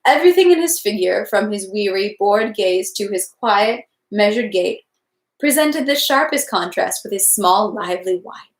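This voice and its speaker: A woman's voice: mid-range voice, expressive, moderate pace. A woman reading a classic novel aloud, carefully, stumbling now and then over French words. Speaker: reader. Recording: echoey room.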